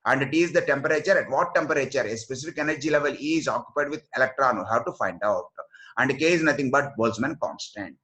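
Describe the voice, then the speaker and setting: A man's voice: mid-range voice, quick pace. Man giving a physics lecture. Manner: steady explanatory delivery, reading out formulas. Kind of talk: recorded lecture.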